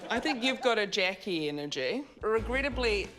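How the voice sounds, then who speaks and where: A woman's voice: mid-range voice, animated, normal speed, over music, a crowd in the background. A woman with a New Zealand accent, a comedy contestant bantering dryly with giggly asides.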